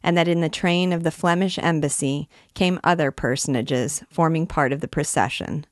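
A woman reading a classic novel aloud in a measured, expressive way. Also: low voice, dry recording, studio quality. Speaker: reader and teacher.

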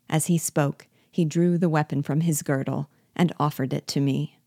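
A woman reading a classic novel aloud in a measured, expressive storytelling manner. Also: low voice, creaky, husky, dry recording, clean studio sound. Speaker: reader.

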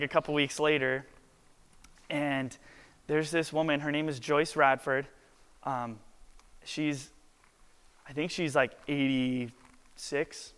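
A man's voice: on the high side, fairly bright tone, clear, resonant tone. A man in his twenties, a worship pastor telling a story in a casual, chatty sermon full of filler words. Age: 20s. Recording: long hall reverb.

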